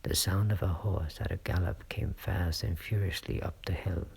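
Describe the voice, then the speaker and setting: A man reading a classic novel aloud as a narrator, in a hushed storytelling manner. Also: deep voice, fairly even intonation, moderate pace, gravelly, husky. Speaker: audiobook reader. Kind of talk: scripted narration.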